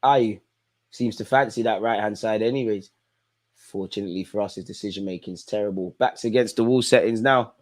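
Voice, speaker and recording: A man's voice: lowish voice, fairly quick. A young man hosting a live football watch-along, reacting to the match in an exasperated way and talking straight at the players and the referee.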